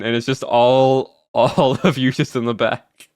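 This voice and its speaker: A man's voice: mid-range voice, level tone, a little slow, smooth, no echo, clean studio sound. A man streaming, chatting casually with his viewers in a rambling way with many fillers and answers to chat.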